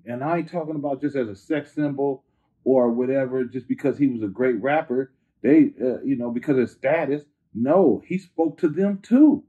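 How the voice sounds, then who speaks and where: A man from Northern California chatting as an interview guest, slangy and animated, repeating phrases for emphasis. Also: medium pitch, husky. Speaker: rapper guest. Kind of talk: casual interview chat. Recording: tinny phone-like line.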